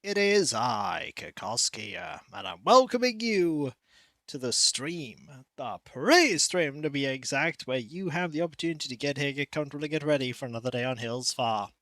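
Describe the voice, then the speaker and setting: A man's voice: on the high side, lively intonation, normal speed, bright, forceful tone, no echo. A man streaming from home, chatting casually with viewers and cooing at his cat. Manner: chatty, coos and baby-talks to his cat. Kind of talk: casual pre-stream chat.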